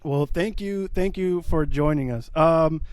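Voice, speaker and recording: A man's voice: fairly high pitch, unhurried. A man hosting a casual motorsport podcast, greeting and questioning his guest in an upbeat, eager way. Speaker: podcast host.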